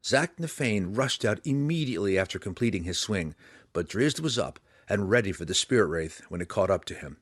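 A man reading a fantasy audiobook aloud, in a dramatic, lively way. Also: on the low side, brisk, slightly rough, no room sound, studio quality. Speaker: audiobook reader.

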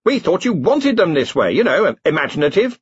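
A man's voice: high-pitched, sing-song, brisk, breathy edge, no echo, voice pushed up, exaggerated voice. A man voicing a jovial, blustering old head wizard who talks in a hearty, breezy way. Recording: dull lo-fi dry recording.

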